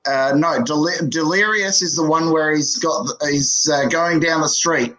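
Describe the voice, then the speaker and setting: A man's voice: on the high side, moderate pace, rough recording. A man co-hosting a casual chat, telling stories with frequent laughter. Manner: animated storyteller, laughs often. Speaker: podcast co-host.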